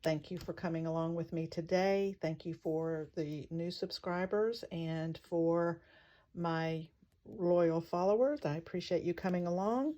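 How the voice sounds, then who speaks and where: A woman's voice: fairly low pitch, unhurried, dull audio. A woman hosting a crafting vlog, chatting casually and thinking aloud as she works, sometimes whispering letters while she writes. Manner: spells words out in soft whispers as she writes. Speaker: craft channel host.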